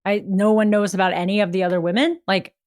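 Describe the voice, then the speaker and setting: A woman's voice: mid-range voice, steady tone, fast talker, a little mellow, no echo. A woman co-hosting a podcast, reacting to a story with short shocked remarks and quips in casual chat. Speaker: podcast co-host.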